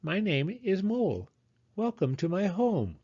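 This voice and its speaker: A man's voice: high voice, very animated, a little slow, warm tone, slightly rough, muffled recording, voice pushed up, exaggerated voice. A man doing a kindly motherly mole. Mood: soothing. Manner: soothing, fussing, calls people dearie. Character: kindly motherly female mole, gentle host.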